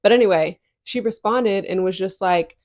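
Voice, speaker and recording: A woman's voice: mid-range voice, moderate pace, darkish tone, dry recording, clean studio sound. A young woman hosting a podcast, telling a personal story in a casual, emphatic way full of "like" and "um". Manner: casual and emphatic, heavy use of "like" and "um". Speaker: podcast host.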